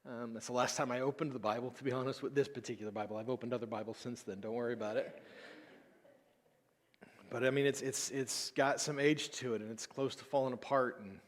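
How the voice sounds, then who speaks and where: A man's voice: medium pitch, fairly even intonation, a little fast. A man in his thirties, a pastor, giving a casual, personal sermon full of stories and self-deprecating humor. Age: 30s. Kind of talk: conversational sermon. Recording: long hall reverb.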